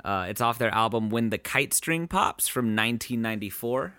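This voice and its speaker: A man's voice: medium pitch, lively intonation, moderate pace, pushed and bright, clean tone, dry recording, studio quality. A young man co-hosting a casual podcast, laid-back and jokey, with many fillers. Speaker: podcast co-host. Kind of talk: casual chat.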